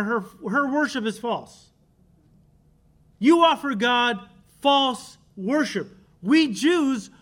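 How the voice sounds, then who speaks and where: A male pastor preaching a sermon, emphatic and direct with the congregation, repeating key words for stress. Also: extremely high pitch.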